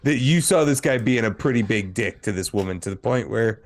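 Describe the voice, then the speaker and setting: A man's voice: fairly low pitch, animated, brisk, slight background noise. A man in a casual film review chat who talks hesitantly, restarting his sentences and laughing along. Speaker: podcast co-host.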